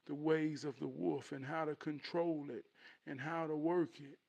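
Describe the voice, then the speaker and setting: A man doing a hushed, wise werewolf father. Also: a little high, steady tone, measured pace, gravelly. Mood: reassuring. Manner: soothing, reassuring, hushed. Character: calm wise werewolf father, middle-aged.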